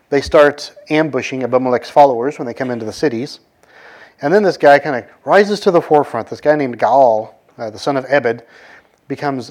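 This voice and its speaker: A man retelling an old scripture story in a loose, conversational way, full of fillers and quick voiced quotes of the characters. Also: medium pitch, a little mellow. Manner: conversational, many fillers, acts out quoted lines. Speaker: bible teacher. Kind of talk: casual storytelling of a scripture passage.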